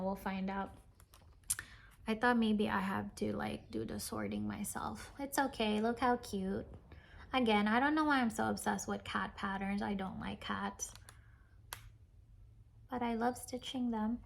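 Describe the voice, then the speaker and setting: A woman vlogger chatting casually as she shows off craft kits, gushing and excitable, with lots of fillers and sighs. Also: mid-range voice, creaky. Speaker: cross-stitch vlogger. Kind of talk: casual show-and-tell chat.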